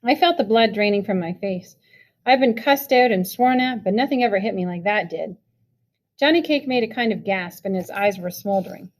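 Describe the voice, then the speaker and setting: A woman's voice: mid-range voice, moderate pace. Woman reading a novel aloud. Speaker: reader.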